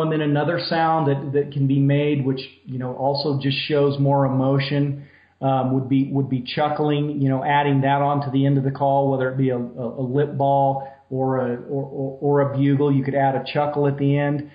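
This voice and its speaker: Arizona hunting guide over a phone line. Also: male voice, mid-range voice. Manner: relaxed, explanatory, many fillers. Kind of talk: phone interview, explaining technique. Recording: muffled phone line with room echo.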